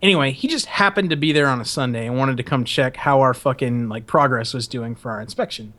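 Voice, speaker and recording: A man's voice: medium pitch, fairly quick, sharp tone. Profane young man telling a rambling story. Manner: profane, rambling, laughs often. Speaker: podcast host. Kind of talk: casual storytelling.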